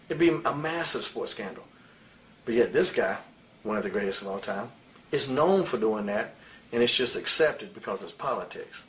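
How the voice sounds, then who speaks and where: A man's voice: mid-range voice, a bit bright. Blunt, profane man telling heated stories. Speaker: retired pro wrestler as interview guest. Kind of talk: candid shoot interview.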